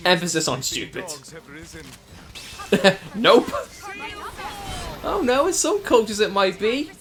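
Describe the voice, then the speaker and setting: Joking man streaming a game, lively pitch. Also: unhurried, some chatter behind. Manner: joking, laughs often. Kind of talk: casual gameplay commentary.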